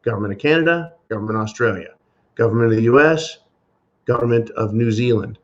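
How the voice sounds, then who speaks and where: A man hosting a solo podcast rant in a sarcastic, profane manner. His voice sits at a middling pitch. The recording sounds dull and lo-fi. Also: quick pace. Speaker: podcast host.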